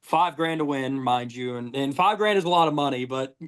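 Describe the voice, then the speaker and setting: A young man from Georgia, telling profane, lively race stories as a podcast guest. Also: medium pitch, a little fast, smooth. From Georgia, USA. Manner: profane, lively anecdotes with acted-out dialogue. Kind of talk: casual storytelling.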